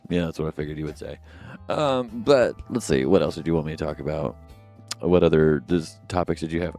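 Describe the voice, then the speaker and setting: A man's voice: sits low, lively intonation, fairly quick, a little mellow, soft background music. A man co-hosting a podcast alone, rambling casually with jokes and filler words. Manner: rambling, jokey, lots of fillers and asides. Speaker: podcast co-host. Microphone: headphones and studio mic.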